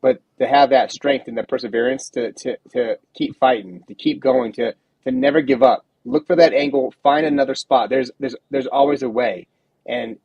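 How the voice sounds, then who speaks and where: A man's voice: medium pitch, creaky, slightly rough, no room sound, highs cut off. A man hosting a livestream interview, speaking encouragingly and repeating words as he starts sentences. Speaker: host.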